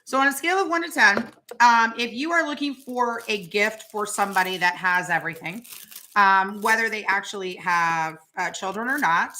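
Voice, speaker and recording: A woman's voice: medium pitch, normal speed, sharp tone, low-quality recording. A woman hosting a casual home vlog, chatting while she taste-tests snacks and exclaims over the food. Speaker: vlog host.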